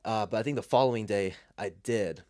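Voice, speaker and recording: A man's voice: on the low side, brisk, no room sound. A young man telling an emotional personal story in a casual, reflective way, full of fillers and restarts, with tears close to the surface. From Los Angeles area, US. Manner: reflective, emotional, many fillers and restarts, often drops to a soft near-whisper. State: emotional, tearing up.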